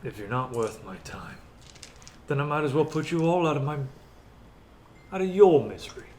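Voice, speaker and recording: A man's voice: on the high side, very animated, normal speed, darkish tone. A man playing a tabletop game, talking in an offhand, mumbled way. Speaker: player. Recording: echoey room with noise.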